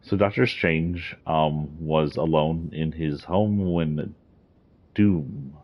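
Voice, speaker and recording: A man casually reviewing a video game's story, rambling with fillers as he goes. His voice is extremely deep and husky. The recording sounds dull and lo-fi. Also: slow pace. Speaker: gaming video host.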